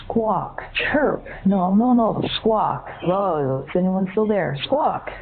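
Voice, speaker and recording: A woman's voice: mid-range voice, animated, takes it slowly, a crowd in the background. A computer voice of a woman playing a dotty old woman who believes she is a parakeet, sweetly befuddled and breaking into squawks and chirps over the phone. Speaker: scam-baiting bot. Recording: tinny phone line.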